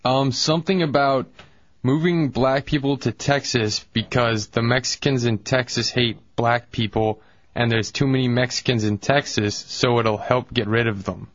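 A man's voice: medium pitch, fairly even intonation, moderate pace, no echo, dull audio. Offhand male radio regular. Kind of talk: casual radio talk.

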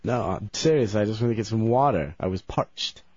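A man chats easily on a radio show. He keeps a laid-back tone and his pitch moves around a lot. The mic sounds a little dull. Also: lively intonation, fairly quick, darkish tone, husky, dry recording. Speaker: radio co-host. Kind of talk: casual radio banter.

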